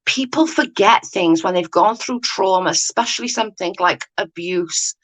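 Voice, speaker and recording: A YouTube commentator with a mid-range voice chats on a casual livestream at normal speed, reading viewer comments over a rough recording. She rambles, corrects herself, and often asks "do you know what I mean" to check that listeners follow.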